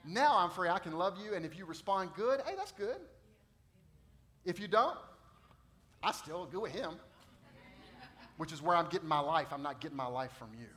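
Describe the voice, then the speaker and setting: A man preaching a sermon, repeating phrases and swinging from loud bursts to hushed tones. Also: on the high side, expressive, normal speed, long pauses. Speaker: pastor.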